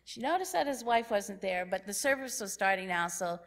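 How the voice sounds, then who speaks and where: A woman giving a sermon in a church, telling a story in a lively way and acting out what the people in it say. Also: medium pitch, moderate pace. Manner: lively storyteller who acts out characters' lines. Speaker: church speaker. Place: church sanctuary.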